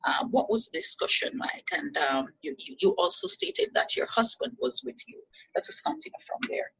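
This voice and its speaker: A woman hosting an interview show, who prompts her guest softly and backs her up with frequent murmurs of agreement. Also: fairly high pitch, huge pitch swings, moderate pace, vocal fry, slightly rough, poor audio. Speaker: show host. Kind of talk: gentle interview questions.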